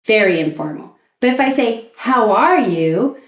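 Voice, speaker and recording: A woman's voice: a little high, animated. A woman teaching an English lesson, patiently enunciating phrases for learners to repeat. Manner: patient, drawn-out enunciation, modeling phrases for repetition. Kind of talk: slow, clear instructional video lesson. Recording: echoey room.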